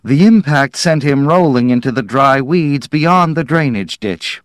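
A man reads a story aloud at an unhurried, deliberate pace, letting each phrase land with measured drama. His voice sits at an ordinary middle pitch and sounds close and dry, with no room around it. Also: lively intonation, no room sound. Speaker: narrator. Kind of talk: audiobook narration.

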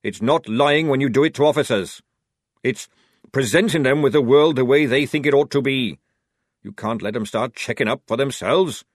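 A man voicing a gruff, scheming old army sergeant who talks loudly and indignantly. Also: medium pitch, normal speed, no echo, clean studio sound, voice pushed up, natural voice. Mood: blustering. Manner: loud, blustering, indignant.

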